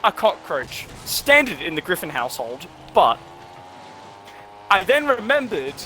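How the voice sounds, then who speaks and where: A man's voice: high-pitched, sing-song, a little slow, pushed and bright, slight background noise. A young man who tells a rambling, sweary story while gaming with friends. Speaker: streamer and gamer.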